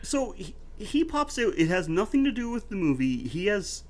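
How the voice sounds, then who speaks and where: A lively podcast co-host talks through a horror movie in loose, casual chat. The pitch swings widely as they swear and laugh their way through the scenes, at a middling pitch. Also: moderate pace. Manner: animated, swears freely, laughs often.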